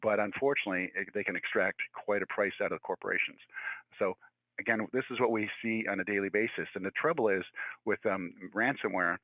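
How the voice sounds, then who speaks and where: A man, likely in his sixties, giving a virtual presentation in a fast, conversational way with many fillers and restarts. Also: lowish voice, dry recording. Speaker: guest speaker. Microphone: video call. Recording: tinny phone-like audio, dry.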